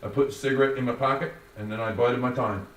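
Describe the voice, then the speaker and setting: A man reading his own first-person story in a wordy, formal, measured way. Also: mid-range voice, fairly even intonation, a bit bright. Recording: roomy, distant, faint noise.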